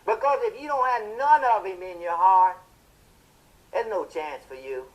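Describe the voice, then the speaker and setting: An actor plays a fiery male television preacher, booming out a sermon in an impassioned style with drawn-out, emphatic phrases. The highs in the audio are cut off.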